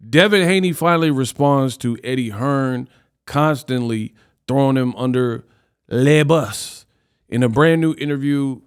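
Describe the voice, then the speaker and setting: Man, boxing commentator, smooth clear voice, slangy banter, animated delivery, close mic. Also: medium pitch. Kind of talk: casual reaction commentary.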